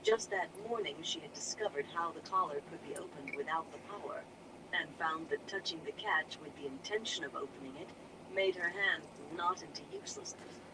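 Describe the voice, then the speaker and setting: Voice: mid-range voice, a little fast. Casual reader, far from the mic, traffic behind. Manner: unpolished, breaks off mid-reading to chat. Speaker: audiobook reader. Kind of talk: casual audiobook reading with chatty asides.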